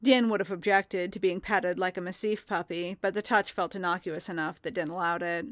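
A woman's voice: on the low side, fairly even intonation, fairly quick, no room sound. Woman narrating a story, dry close sound. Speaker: reader. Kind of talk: narrating fan fiction aloud.

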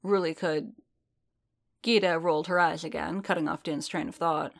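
Gravelly low-voiced woman reading a story. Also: steady tone, moderate pace. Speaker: narrator. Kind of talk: reading fan fiction aloud.

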